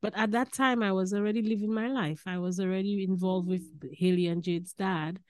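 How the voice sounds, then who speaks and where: A woman from Saint Lucia with a Saint Lucian accent, a podcast guest telling stories in animated, casual chat and slipping into Caribbean phrasing. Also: medium pitch, brisk, no room sound, clean studio sound.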